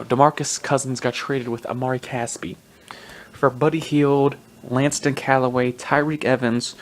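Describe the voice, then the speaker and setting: A man's voice: mid-range voice, a little hiss or hum. Rambling, profane male podcast host. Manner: rambling, profane, self-mocking, laughs often. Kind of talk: casual solo sports commentary.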